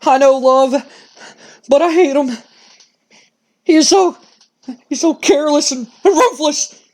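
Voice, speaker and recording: A man's voice: extremely high pitch, measured pace, voice pushed up. A man doing a timid, whiny cowardly wrestler. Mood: fearful. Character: cowardly, fretful male wrestler talking to himself.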